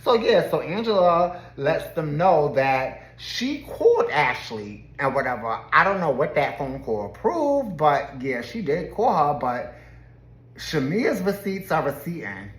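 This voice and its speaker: A woman's voice: low-pitched, very animated, unhurried. A woman giving a casual, gossipy recap of a reality TV episode, chatty and laughing often. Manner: chatty and laughing, often slips into quoted voices. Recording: roomy echo.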